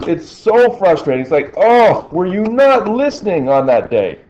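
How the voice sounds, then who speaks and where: A man's voice: high voice, big pitch swings, a little slow, darkish tone, muffled recording. A male teacher in a classroom, talking through problems and asking the class questions as he works. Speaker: physics teacher.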